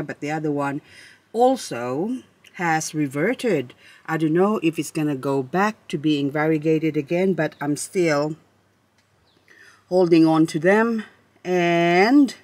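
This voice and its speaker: A woman vlogging among her succulent shelves on a handheld camera, chatty and excitable, rambling and talking to her plants. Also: deep voice, no room sound. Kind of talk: casual plant-tour vlog. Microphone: handheld camera she moves around.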